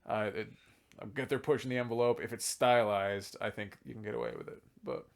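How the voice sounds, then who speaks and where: A man's voice: on the low side, sing-song, brisk, creaky. A tipsy man hosting a podcast, rambling casually about game lore and swearing now and then. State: drunk. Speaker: podcast host.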